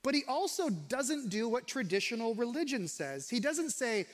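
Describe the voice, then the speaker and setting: Man, pastor, high voice, conversational sermon, long hall echo. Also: big pitch swings, measured pace. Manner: conversational, questioning, varies pace for emphasis.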